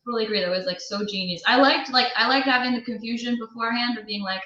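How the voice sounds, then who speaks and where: A woman co-hosting a casual pop-culture podcast, chatty and quick to giggle. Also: fairly high pitch, pushed and bright, slight background noise. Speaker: podcast co-host. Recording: roomy, muffled lo-fi recording.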